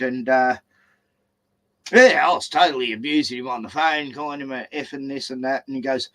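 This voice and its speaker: A man's voice: medium pitch, a bit bright. A man with an Australian accent chatting casually, rambling and stammering as he tells stories and swears. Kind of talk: casual chat.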